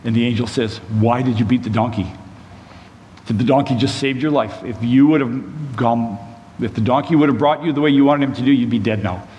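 A man preaching, retelling a Bible story in a relaxed conversational way with side notes to the listeners. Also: mid-range voice, a little fast, muffled recording. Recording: long hall reverb, faint room noise.

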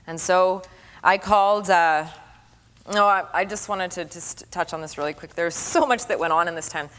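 Middle-aged woman, preacher, earnest sermon testimony, repeats phrases, hushed at tender moments, long hall reverb. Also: lowish voice, moderate pace.

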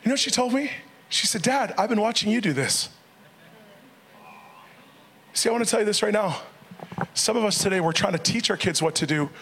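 A man's voice: high-pitched, fairly quick, long pauses, slight background noise. A middle-aged pastor preaching with energy, telling a story and voicing other people as he goes, with frequent laughter. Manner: animated, quotes others in raised voices, laughs often.

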